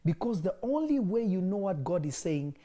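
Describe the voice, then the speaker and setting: A woman's voice: fairly low pitch, sing-song, moderate pace, warm tone. A woman teaching scripture, pressing her listeners with questions and laughing often. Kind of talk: interactive Bible teaching.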